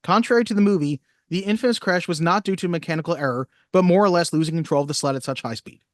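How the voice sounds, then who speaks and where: A man co-hosting a casual movie podcast, reading trivia facts briskly and chatting. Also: a little high, dry recording, studio quality. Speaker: podcast co-host.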